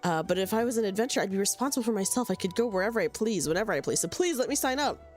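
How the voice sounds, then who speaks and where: A woman's voice: mid-range voice, animated, very fast, a little mellow, soft background music, close to an everyday voice. A woman voicing a stubborn young girl in a game who pleads to become an adventurer. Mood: pleading. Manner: pleading, reading game lines aloud.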